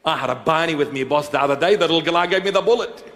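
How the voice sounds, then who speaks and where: A man putting on a loud, joking Aussie bloke full of slang, in a long-reverb hall. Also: fairly high pitch, racing. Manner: rowdy, laughing, exaggerated slang.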